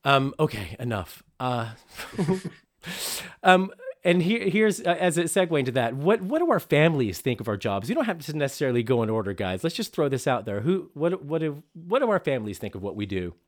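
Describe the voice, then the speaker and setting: A man from Chicago hosting a casual panel chat, halting and emotional, often repeating his words. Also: on the high side, big pitch swings. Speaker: host.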